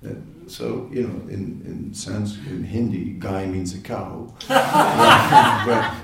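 Low-voiced man lecturing in an echoey hall. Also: slow pace, creaky, fairly bright tone, distant mic. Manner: conversational, hesitant, laughing asides. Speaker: spiritual teacher. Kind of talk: informal spiritual lecture. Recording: echoey room, voice from off-mic.

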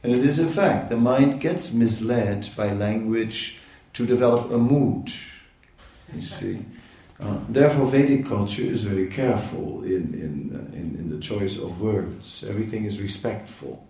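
A man giving an informal spiritual lecture, talking in a conversational, halting way with many fillers and laughing asides. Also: fairly low pitch, dark tone, far from the mic. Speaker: spiritual teacher. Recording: echoey room, voice from off-mic.

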